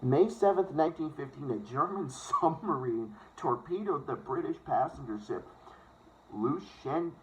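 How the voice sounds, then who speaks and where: A man's voice: fairly high pitch, expressive, unhurried. A man reading a book aloud, stumbling and correcting himself, with profane, sarcastic asides. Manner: profane, sarcastic interjections between passages. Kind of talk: casual read-aloud with ranting asides. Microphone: phone. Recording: dull lo-fi phone recording, faint hiss.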